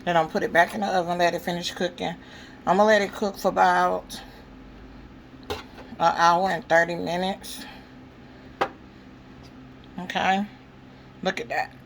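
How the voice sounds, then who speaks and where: A woman's voice: on the low side, level tone, a little slow, gravelly, pauses often, a little hiss or hum, rough recording. A woman giving a casual cooking demonstration in her home kitchen, chatting to viewers and checking in with "okay?" as she goes. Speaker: cooking vlogger.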